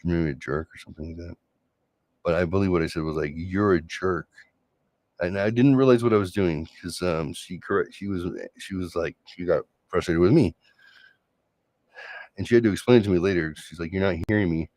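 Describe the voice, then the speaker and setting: A middle-aged man hosting a solo late-night show, talking through love and conflict in a sarcastic, reflective way with many halting restarts. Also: sits low, darkish tone, dry recording. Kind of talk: late-night personal monologue.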